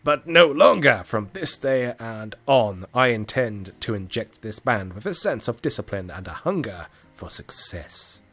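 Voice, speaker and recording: A man's voice: medium pitch, expressive, a little slow, few pauses, a bit bright, soft background music. Clark, a man doing a pompous teen band leader. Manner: self-important speechmaking. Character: pompous ambitious teen boy clarinet section leader.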